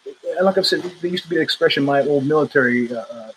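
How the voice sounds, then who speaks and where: A middle-aged man hosts his own show and spins a loose, rambling story full of asides and restarts. His voice sits a little higher than most men's. A faint hum stays under it. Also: fast, fairly bright tone, low-quality recording. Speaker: show host. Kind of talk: casual storytelling monologue.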